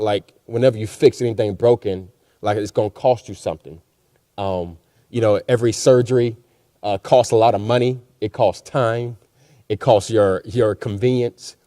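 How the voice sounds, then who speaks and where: A man's voice: fairly low pitch, mellow, no echo, studio quality. A man speaking as a panelist in a discussion, earnest and encouraging, with many repeated words.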